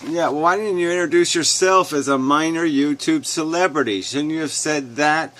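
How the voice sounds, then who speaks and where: A man's voice: a little high, normal speed, few pauses, a bit bright. Sarcastic man ranting, swearing. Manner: sarcastic, mocking, swears a lot, chuckles. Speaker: commentator. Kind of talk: profane rant reacting to a clip.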